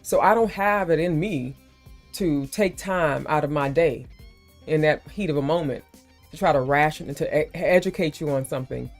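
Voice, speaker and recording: A woman with grandchildren, hosting a casual live stream chat in an animated, emphatic way. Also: low-pitched, soft background music. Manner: animated, emphatic, quick to heat up.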